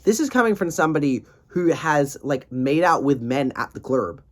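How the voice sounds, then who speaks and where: A man's voice: on the high side, very animated, moderate pace. A man in his twenties ranting in a casual video diary, tired, profane and rambling. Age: 20s. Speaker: vlogger.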